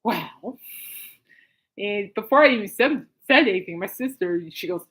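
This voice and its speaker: A woman's voice: on the low side, normal speed, fairly bright tone. A woman hosting her own podcast in a casual chat, rambling with lots of fillers and laughing often. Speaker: podcast host.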